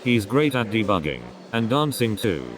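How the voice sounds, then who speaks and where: A man's voice: lowish voice, sing-song, moderate pace, over music. A man doing a stand-up comedy routine, rambling through setups and repeating his catchphrases. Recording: crowd noise behind the voice.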